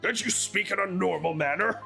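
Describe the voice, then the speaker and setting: A fussy old judge, voiced by a man, sits high in his voice with heavy gravel and a bright, sharp edge. His pitch swings widely as he frets over each strange witness, with faint music behind. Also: normal speed, full character voice. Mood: puzzled, formal. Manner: bewildered, formal. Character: fussy elderly male judge.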